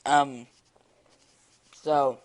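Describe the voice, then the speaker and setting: A teenage boy telling a story in a casual vlog, rambling and excitable, with many fillers. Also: mid-range voice, extremely slow. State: eating while talking. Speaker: vlogger. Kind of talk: casual storytelling while drawing.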